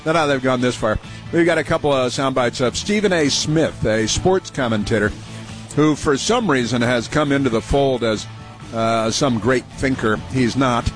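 A man hosting a talk radio show, sarcastic and mocking, talking in halting bursts with many fillers and restarts. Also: mid-range voice, soft background music. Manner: sarcastic, mocking, interjects over clips. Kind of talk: opinionated talk radio commentary.

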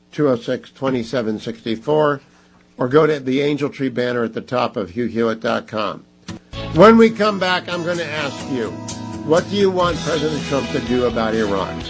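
A man's voice: medium pitch, poor audio. A man hosting a talk radio show, speaking emphatically and pressing listeners to give. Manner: emphatic, pleading and scolding listeners.

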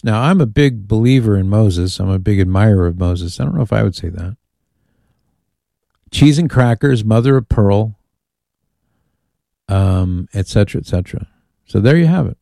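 A man hosts a call-in radio show, talking casually and reading listener messages with amused asides. His voice sits low and mellow. The studio sound is dry and close. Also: creaky, no room sound. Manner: chatty, reads listener emails aloud with amused asides. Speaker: radio host.

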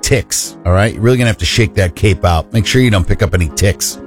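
A man's voice: fast talker, music in the background. A man co-hosting a radio show, trading casual jokes with his co-host in a wry, easygoing way. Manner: wry, joking asides with lively pitch swings. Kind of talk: casual comedic banter.

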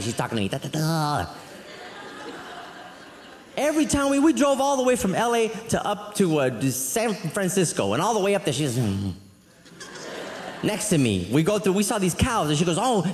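A man doing a stand-up routine, rambling and animated through his stories with frequent asides. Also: high-pitched, fairly quick. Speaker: stand-up comedian. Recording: echoey live hall, faint crowd.

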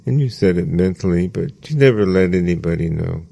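A man giving a sermon as a spiritual teacher, slow and measured, repeating phrases for emphasis. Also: deep voice, lively intonation, gravelly, dark tone.

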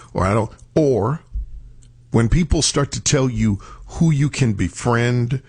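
A man giving a reflective motivational talk, telling stories and slowing down on key words for emphasis. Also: medium pitch, animated, darkish tone, breathy edge. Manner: storytelling, acts out quoted voices, slows for emphasis.

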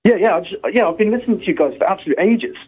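A playful British man phoning in to a radio show. His voice is husky and sits a little high, coming through a dull, lo-fi phone line. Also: rapid-fire. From Britain. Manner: playful, chatty. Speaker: caller. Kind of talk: casual chat.

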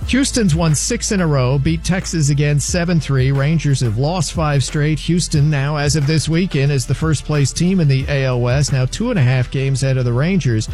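A man giving a brisk, matter-of-fact sports update with scores and stats. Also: fairly high pitch, a little mellow, faint music behind.

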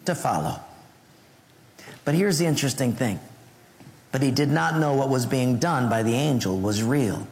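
A man preaching a sermon, telling a personal story and acting out the voices in it, sometimes dropping to a hush. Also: fairly high pitch. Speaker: pastor. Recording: long hall reverb, faint ambience.

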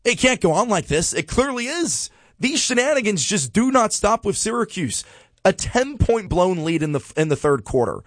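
Animated exasperated male sports talker. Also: high-pitched, normal speed, no room sound. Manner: exasperated, animated, repeats a refrain. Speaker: sports podcast co-host. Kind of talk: casual sports commentary.

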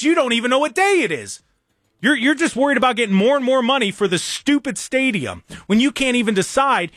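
A man's voice: extremely high pitch, a bit bright, no echo, studio quality. A young adult man, hosting a sports talk show and ranting in an exasperated, emphatic way. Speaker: sports talk radio host.

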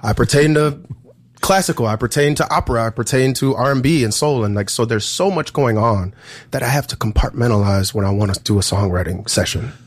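Earnest male musician, emphatic and halting. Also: mid-range voice. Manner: earnest, emphatic, full of restarts. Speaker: musician guest. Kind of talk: casual interview talk.

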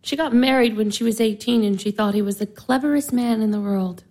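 A woman's voice: fairly high pitch, brisk, a little mellow. An actress playing a wistful, yearning young woman. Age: young adult. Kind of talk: stage-play radio acting.

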